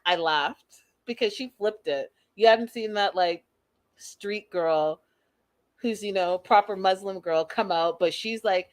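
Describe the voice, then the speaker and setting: Animated, opinionated woman recapping a reality show. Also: medium pitch, unhurried, no echo. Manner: animated, opinionated, acts out quotes. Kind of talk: casual opinionated recap talk.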